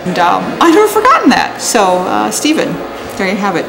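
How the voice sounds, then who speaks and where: A woman's voice: mid-range voice, big pitch swings, brisk, creaky, background noise. A woman sharing personal memories in an interview, chatty, laughing often and acting out remembered conversations. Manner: chatty, laughs often, acts out quoted dialogue. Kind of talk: tearful-to-laughing personal storytelling.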